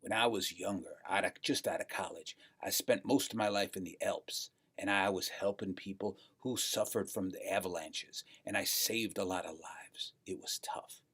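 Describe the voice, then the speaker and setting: A man voicing an old, weary male talking dog in a joke, speaking low in a breathy half-whisper, soft and sentimental. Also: normal speed, few pauses. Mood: wistful. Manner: soft, sighing, sentimental telling.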